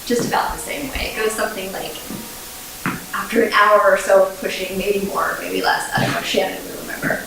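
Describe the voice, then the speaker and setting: A woman tells a candid, wry story to a theater audience and often laughs at herself. She is far from the mic in a very echoey space, with clear music playing behind her. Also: mid-range voice, fairly even intonation, normal speed. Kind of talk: live storytelling on stage.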